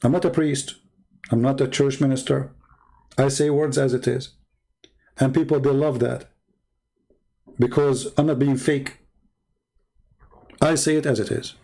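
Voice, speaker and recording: A man's voice: medium pitch, fairly even intonation, measured pace, creaky, pauses often, warm tone. A man hosting his own channel, delivering a blunt, scornful monologue. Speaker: channel host. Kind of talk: combative monologue.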